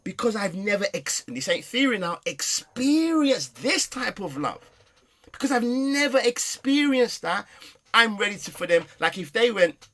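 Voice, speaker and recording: A middle-aged man, a podcast guest, telling personal stories with passion, swinging between loud and soft. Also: high-pitched, sing-song, moderate pace. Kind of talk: emotional personal storytelling.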